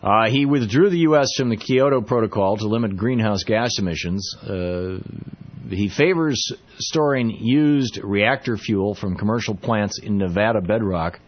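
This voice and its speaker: A man hosting a political talk radio show, speaking in a halting, sarcastic monologue full of restarts. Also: lowish voice, lo-fi sound.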